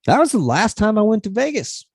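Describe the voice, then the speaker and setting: A man's voice: high voice, big pitch swings, brisk, breathy edge, no echo, clean studio sound. A man hosting a fitness livestream, telling a rambling story in a casual way and swearing freely.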